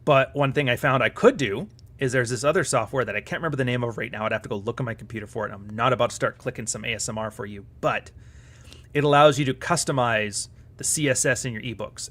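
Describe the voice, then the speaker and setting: A man's voice: medium pitch, fast, a bit bright. A man hosting a live stream, chatting casually in a profane, sarcastic and rambling way.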